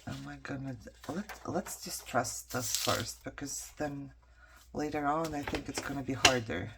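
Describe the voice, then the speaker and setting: A woman's voice: a bass voice, measured pace, heavy background noise. A woman vlogger chatting casually to herself as she works on a craft project, trailing off and picking back up. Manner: chatty, talks to herself while working; frustrated venting.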